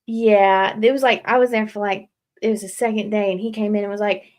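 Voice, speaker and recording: A woman's voice: medium pitch, steady tone, a little fast, a little mellow. Earnest young woman, rambling with fillers. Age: young adult. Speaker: guest leaving a recovery house. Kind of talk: casual live interview.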